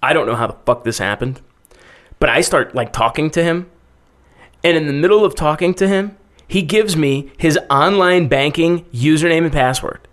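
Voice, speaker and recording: A man's voice: fairly high pitch, normal speed. Man telling a rowdy story. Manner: animated, acts out quotes, swears freely. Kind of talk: casual storytelling chat.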